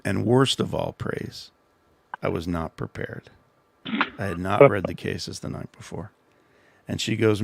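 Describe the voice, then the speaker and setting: A man's voice: deep voice, gravelly, no echo. A middle-aged man hosting a livestream, telling a rambling, self-deprecating story and giving casual advice. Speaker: livestream host.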